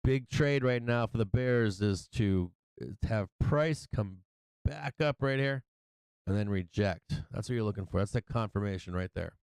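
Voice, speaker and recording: A man's voice: on the low side, moderate pace, smooth, no room sound. A tired man hosting a stock market livestream, talking casually with lots of swearing and laughter as he comments on charts. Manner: profane, excitable, laughs often. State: tired from no sleep.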